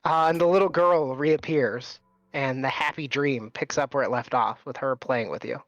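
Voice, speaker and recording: A man's voice: mid-range voice, normal speed, a bit bright, dry recording, soft background music. A man running a tabletop game as game master, narrating casually with many fillers. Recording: dull, dry recording.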